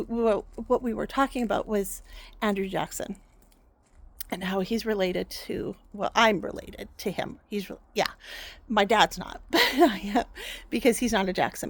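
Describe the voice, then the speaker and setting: A woman's voice: mid-range voice, moderate pace, gravelly. A woman vlogger casually telling a fond family story, rambling and correcting herself as she goes.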